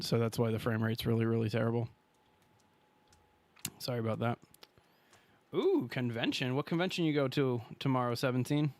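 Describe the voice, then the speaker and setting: A man in the middle of his pitch range talks his way through a survival game on a live stream. He is casual and friendly, thanking viewers and reacting to what happens on screen as he builds. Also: no room sound. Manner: chatty, thanks viewers and talks to chat while playing.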